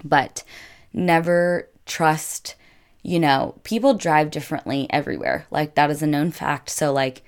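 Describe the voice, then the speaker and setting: A young woman with a notably low-pitched voice recounts a travel mishap for her vlog. She talks casually and chattily, leaning on "like" in nearly every sentence. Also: expressive, unhurried, clean tone. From United States. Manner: chatty, filler-heavy with constant "like". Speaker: vlogger. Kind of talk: casual storytelling.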